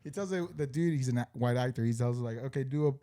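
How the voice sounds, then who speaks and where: A man's voice: mid-range voice, fast talker, warm tone. A young man co-hosting a podcast, chatting casually, swearing and laughing often as he rambles through stories. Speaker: podcast co-host. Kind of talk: casual chat.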